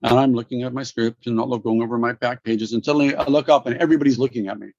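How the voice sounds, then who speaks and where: A man, a guest actor, telling stories in an interview, animated and laughing, with many restarts. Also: mid-range voice, rapid-fire, no room sound, highs cut off. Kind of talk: storytelling interview.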